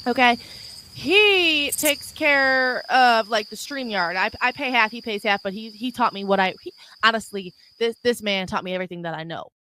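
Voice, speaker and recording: A young woman hosts her own podcast, rambling casually in a brash, profane, unfiltered manner. Her voice is on the high side, pushed and bright, at a moderate pace, picked up by a desk mic on a video stream with slight hiss or hum.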